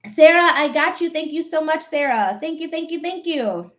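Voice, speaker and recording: A woman's voice: high voice, lively intonation, moderate pace, a bit bright. A woman hosting a live psychic reading stream, chatting casually and affectionately with viewers and rambling with fillers. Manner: affectionate toward viewers, calls them my love; rambling, with many fillers and restarts. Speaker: livestream psychic reader.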